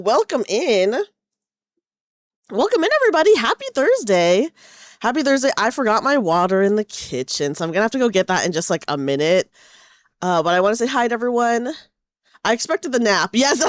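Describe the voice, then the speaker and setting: A woman's voice: mid-range voice, no echo, clean studio sound. Bubbly young woman streamer greeting chat. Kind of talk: casual live-stream chat.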